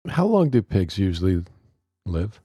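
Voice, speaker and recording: A man's voice: sits low, very animated, a little slow, mellow, slightly rough, no room sound, clean studio sound. A man interviewing a guest, asking questions in a playful, teasing way.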